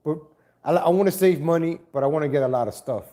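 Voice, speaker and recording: A man hosts a relaxed live stream from his home, talking into a laptop mic. His voice sits a little high for a man, with a mellow, soft tone. He rambles, restarts his sentences and breaks off to greet viewers. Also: fast talker. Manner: rambling, self-correcting, chats to viewers and cat. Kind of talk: casual live-stream chat.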